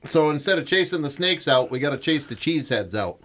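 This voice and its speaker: A man's voice: on the high side, expressive, brisk, a bit bright. A man teasing and joking in a casual radio chat.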